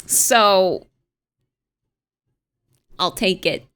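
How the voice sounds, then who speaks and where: A young American woman on a livestream, talking in a relaxed, chatty way from her home setup. Her voice sits a touch high, and she reads viewer messages aloud, mulls them over and laughs often. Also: moderate pace. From United States. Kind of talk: casual stream chat.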